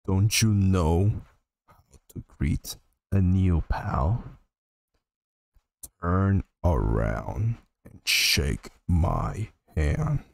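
A man voicing a laid-back, lazy male skeleton joker in a slow, low drawl, reading game dialogue on a livestream. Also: sing-song, vocal fry, breathy edge, dry recording, full character voice. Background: game music.

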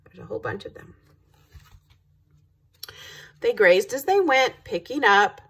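A woman reads a children's picture book aloud, slow and unhurried. Her voice swoops in a lively, singsong way and has a slightly breathy quality. She keeps pausing to ask the young listeners questions. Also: fairly high pitch. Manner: engaging, asks the listeners questions. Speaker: teacher reading to children.

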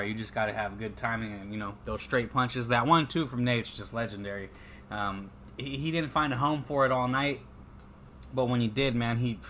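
A man's voice: mid-range voice, bright, forceful tone, a little hiss or hum. A man from California, a podcast co-host, talking in casual chat in a slangy, emphatic way, often tossing in "man". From Stockton, California. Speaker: podcast co-host, MMA betting picks.

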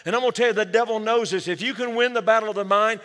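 High-voiced, bright-toned male pastor preaching. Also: very fast. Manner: energetic preaching, calls for amens. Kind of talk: sermon. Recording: long hall reverb.

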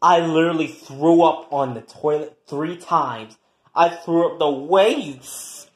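A performer in an improvised comic quarrel, trash-talking and taunting with heavy swearing and swinging between loud jeers and low mutters. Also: roomy sound. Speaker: comedy skit performer.

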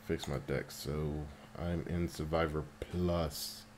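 A man casually commentating his mobile game as he plays, getting excited and swearing at the game when it annoys him. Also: extremely low pitch, slow, a little hiss or hum. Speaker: mobile game player narrating gameplay.

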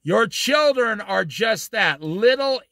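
A man's voice: high-pitched, lively intonation, slow, bright, forceful tone, no echo, clean studio sound. A man giving a blunt, informal Bible study sermon and acting out husbands and wives in quoted asides. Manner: blunt, preachy, acts out quoted spouses.

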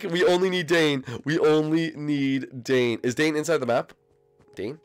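A man hosting a gaming video, commentating live gameplay, excitable and breaking into shrill squeals. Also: unhurried.

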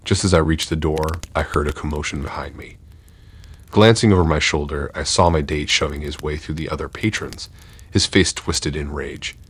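Brief: male narrator for scripted horror stories, extremely low voice with a husky edge, measured and tense. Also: steady tone.

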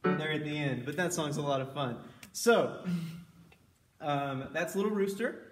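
A man leading a children's music session, playful and animated, singing and whooping with the kids. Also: fairly high pitch, measured pace, reverberant, distant mic, noisy background. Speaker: children's library music leader. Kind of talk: children's sing-along lesson. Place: library room.

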